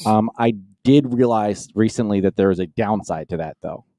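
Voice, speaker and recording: A man's voice: fairly low pitch, normal speed, mellow, dry recording, studio quality. A man hosting a comedy podcast, telling stories in a playful, teasing way. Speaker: podcast host. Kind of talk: casual comedic chat.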